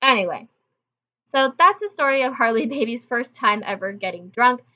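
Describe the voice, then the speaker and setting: A young woman vlogger with a bright, high voice chats to her viewers in a casual storytelling way. The recording sounds a bit dull and lo-fi. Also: animated, moderate pace. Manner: chatty, conversational, addresses viewers directly. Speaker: channel host.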